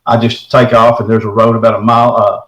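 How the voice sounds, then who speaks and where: A man's voice: lowish voice, fast talker, reverberant, poor audio. A middle-aged man, telling his own encounter story in casual, folksy talk, often saying "man". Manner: folksy, says "man" often, animated retelling. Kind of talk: casual first-person storytelling.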